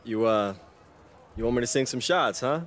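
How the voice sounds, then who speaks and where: An actor playing a laid-back young male pro basketball player with a dry, low-key way of talking. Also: normal speed, fairly bright tone, a little hiss or hum, close to an everyday voice. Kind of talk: video game voice acting.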